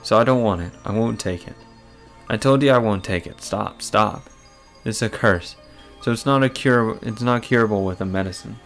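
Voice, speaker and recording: A troubled young girl haunted by a curse, read aloud by a man in his own low, gravelly voice. The lines come in a plain reading tone with little put-on change, over faint game music. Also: normal speed, natural voice. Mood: frantic. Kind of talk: reading a visual novel aloud.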